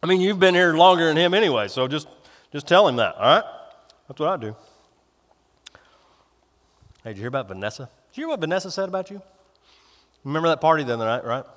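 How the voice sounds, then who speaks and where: Sly tempter spirit, wheedling and gossipy, put on by a male preacher; fairly high voice, long hall reverb. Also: animated, fast talker, pauses often, a bit bright. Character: sly whispering tempter spirit, smooth and sneaky.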